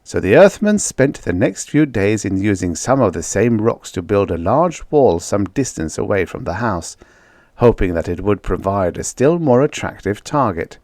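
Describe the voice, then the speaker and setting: A man narrating a vintage science fiction story in a lively storytelling manner. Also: fairly low pitch, moderate pace, no echo, studio quality. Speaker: audiobook narrator. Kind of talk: scripted narration.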